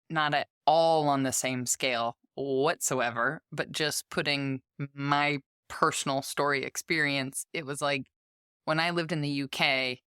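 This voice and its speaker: A woman's voice: sits low, fairly bright tone, clear, resonant tone, no room sound. Woman in her 30s hosting a podcast, chatty, pokes fun at herself, dry sound. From United States. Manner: chatty, self-deprecating. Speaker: podcast host. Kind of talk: casual interview.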